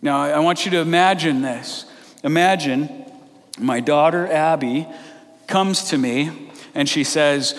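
A man gives a sermon in an earnest, conversational way. His voice sits a little above the usual male range, and it rings out in a large hall with a long reverb tail. He hurries through the side remarks and draws out the points that matter most. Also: on the high side. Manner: earnest and conversational, moving between quick asides and slow, drawn-out emphasis. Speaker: pastor.

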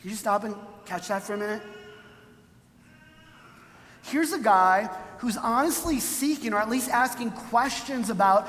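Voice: mid-range voice, expressive, moderate pace, fairly bright tone. Casual, chatty preacher, mid-range voice, long reverb of a large hall. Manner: conversational, tags points with "right?"; acts out quoted voices for emphasis. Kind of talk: sermon.

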